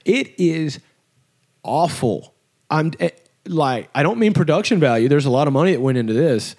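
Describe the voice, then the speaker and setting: A man's voice: fairly high pitch, normal speed, husky. A young man co-hosting a podcast in casual chat, talking animatedly and acting out the people he quotes. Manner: animated, acts out quoted voices. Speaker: podcast co-host.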